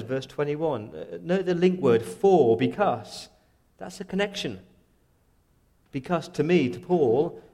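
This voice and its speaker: A man's voice: a little high, darkish tone. Earnest male pastor preaching. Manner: earnest, voices Paul's prayers in first person. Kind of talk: sermon.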